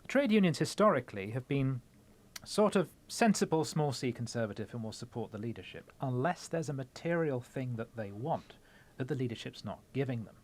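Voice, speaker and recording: A man's voice: mid-range voice, expressive, fairly quick, a little mellow. A man co-hosting a politics podcast, laying out background to listeners in an explanatory way. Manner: explanatory, lays out the context. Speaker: podcast co-host. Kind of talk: political discussion.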